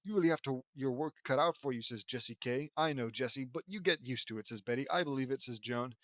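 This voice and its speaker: A man's voice: medium pitch, brisk, few pauses, fairly bright tone, no room sound. A man reading a fan-fiction audiobook aloud, stumbling over words and breaking in with sarcastic asides.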